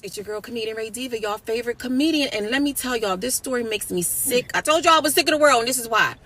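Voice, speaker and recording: Bright, blunt-spoken woman comedian. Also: on the high side, quick pace, slight background noise. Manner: blunt, indignant, profane, addresses listeners directly. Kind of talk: storytelling commentary.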